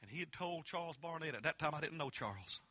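Man, Southern Appalachian accent, preacher, folksy storytelling, impassioned, fairly high pitch, dry recording. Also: lively intonation, fast talker, sharp tone, no echo. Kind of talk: holiness sermon.

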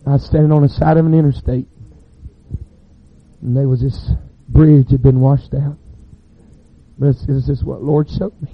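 A man, preaching a sermon as a fervent storyteller with dramatic pauses. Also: medium pitch, flat delivery, breathy edge, no echo, dull audio.

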